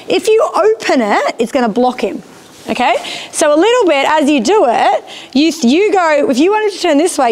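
A woman instructing a rider in a riding arena, encouraging and often checking that she understands. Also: sits high. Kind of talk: live coaching of a rider.

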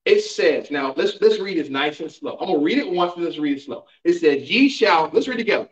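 A man's voice: a little high, animated, fairly quick, hardly any pauses. A man pastor teaching a Bible class, preaching emphatically with call-and-response and rhetorical questions to the congregation. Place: church sanctuary. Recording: roomy, dull sound from a distant mic.

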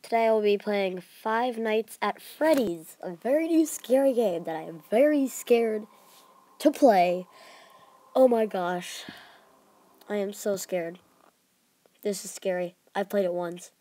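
A woman's voice: mid-range voice, expressive, unhurried, mellow. A woman hosting a horror game let's play, jumpy and exclaiming, often dropping to whispers. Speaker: gaming channel host.

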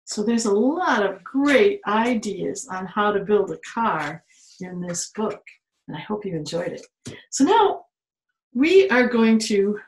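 Reading a picture book to children and leading them in drawing, the woman, a storytime reader and art teacher at a children's museum, is animated, often exclaiming and laughing at the pictures. Her pitch is medium. The sound is echoey, taken from a phone or tablet camera.

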